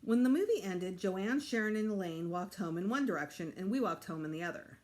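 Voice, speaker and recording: A woman teacher reading a children's chapter book aloud to her students in an expressive way. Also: medium pitch, fairly quick. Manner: expressive, animated.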